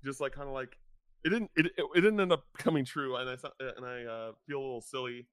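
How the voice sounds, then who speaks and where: A man's voice: mid-range voice, fast, a bit bright, clean tone, dry recording, studio quality. A young man rambling in casual podcast chat, filling his talk with "like" as he goes. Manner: rambling, full of "like" fillers. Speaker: podcast co-host.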